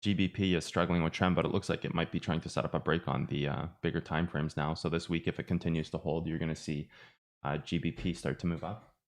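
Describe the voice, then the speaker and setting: A bass-voiced Irish trading streamer keeps his intonation fairly even while talking fast. His live commentary on the charts rambles chattily, and he frequently makes fun of himself.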